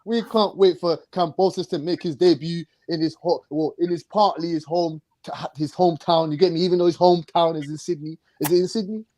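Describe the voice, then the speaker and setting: An excitable man with a high voice, talking very fast in a loose, slangy live-stream chat. He repeats himself a lot and keeps the chatter bouncing along. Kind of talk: casual chat.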